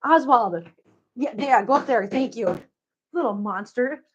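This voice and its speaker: A woman's voice: fairly high pitch, a little slow, husky. Chatty woman on a lo-fi stream. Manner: chatty, talks to her cats and chat viewers. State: out of breath. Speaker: cat channel vlogger. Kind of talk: casual livestream chat while cleaning.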